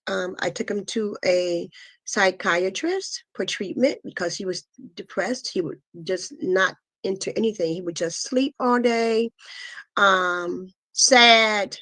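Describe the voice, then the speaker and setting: A middle-aged woman giving a guest interview, telling a painful personal story in an earnest, halting way full of pauses and fillers. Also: mid-range voice, fairly bright tone, no echo. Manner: earnest, intense retelling. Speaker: guest, asthma foundation founder. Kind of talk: emotional personal testimony.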